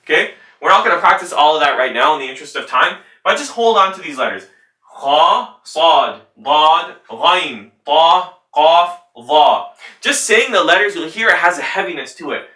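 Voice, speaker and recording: A male Quran recitation teacher giving a tajweed lesson, patiently demonstrating letter sounds slowly and repeating them. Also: a little high, animated, sharp tone. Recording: roomy sound from a distant mic.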